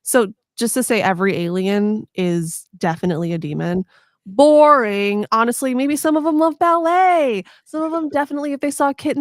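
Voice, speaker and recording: A woman's voice: a little high, expressive, brisk, no echo, clean studio sound. A woman hosting a podcast in casual chat, playful and sarcastic, swearing freely and acting out silly voices. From United States. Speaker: podcast host.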